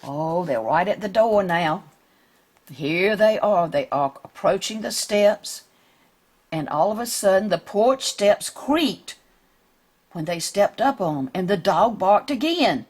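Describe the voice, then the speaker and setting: A woman reads a picture book aloud to children, slowly and gently. Her pitch rises and falls widely, and her voice has a husky edge. She keeps asking the little ones what they see. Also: animated. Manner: gentle, questioning children along.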